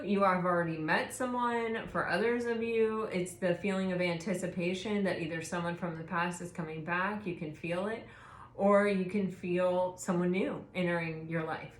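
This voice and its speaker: A woman giving a casual, rambling tarot reading, gentle and full of fillers and restarts. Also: medium pitch, reverberant. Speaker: tarot reader.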